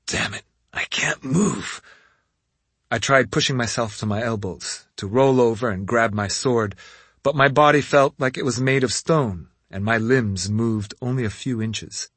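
A man narrating a first-person fantasy audiobook in a dramatic, expressive reading. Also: medium pitch, normal speed, no echo.

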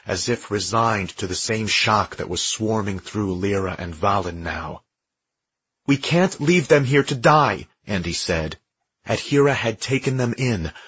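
A man with a very deep, husky voice reads a science-fiction audiobook in steady, measured narration. The sound is dry and close, with a dull, lo-fi band. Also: no echo. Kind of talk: scripted narration.

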